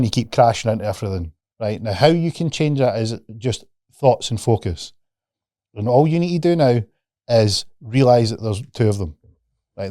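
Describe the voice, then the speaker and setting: A man's voice: medium pitch, darkish tone, no echo, studio quality. A man, a podcast guest and mindset coach, talking casually and animatedly, swearing freely and acting out the voices of the people he quotes.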